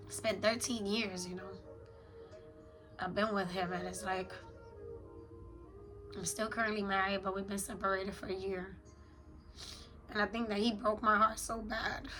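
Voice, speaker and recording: In a low-quality recording, a woman in her thirties with a mid-range voice talks frankly to the camera as a mother keeping a confessional journal. She comes across as tired and blunt, with frequent swearing.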